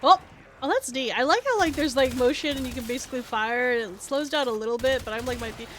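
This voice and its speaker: A young woman streaming a game, rambling and swearing while she chats with viewers, sniffly and clearing her throat. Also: fast talker, slight background noise. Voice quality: high, youthful voice she calls cute. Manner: rambling, swears often, reacts to chat. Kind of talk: casual game stream chat.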